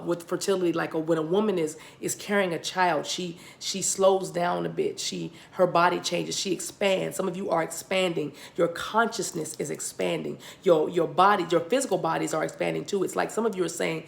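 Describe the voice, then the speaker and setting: A woman's voice: fairly low pitch, creaky. An American woman giving a spiritual card reading, talking directly to viewers, repeating and restarting her words. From United States. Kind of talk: tarot-style card reading.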